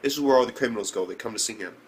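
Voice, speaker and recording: A man recapping an anime episode in a casual, profane, rambling way, breaking into shrill disbelieving outbursts. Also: rapid-fire, a little hiss or hum. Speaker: anime reviewer.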